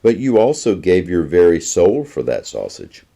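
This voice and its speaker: A man's voice: sits low, huge pitch swings, gravelly, warm tone, exaggerated voice. A man doing an earnest, serious old minister. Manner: earnest, measured. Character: earnest male Scottish minister, gentle and serious.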